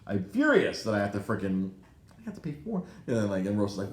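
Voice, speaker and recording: A man in his thirties hosting a podcast, telling a story in a casual, animated way, swearing often and acting out the voices he quotes. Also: lowish voice, quick pace, roomy sound. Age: 30s. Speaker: podcast host. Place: podcast studio in a comic shop.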